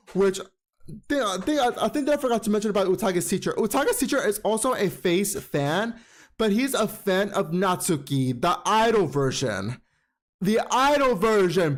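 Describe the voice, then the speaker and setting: Vlog host, man, high bouncy voice, profane, gushing episode recap. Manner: calls listener "girl" often. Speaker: anime recap vlogger.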